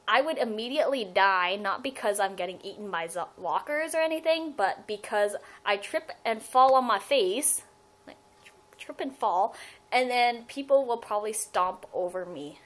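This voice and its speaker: A woman's voice: medium pitch, normal speed, fairly bright tone, poor audio. Young woman, casual webcam vlogger, rambling and giggly, restarts a lot. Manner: rambling, giggly, self-interrupting. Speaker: fan vlogger. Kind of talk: casual fan vlog Q&A.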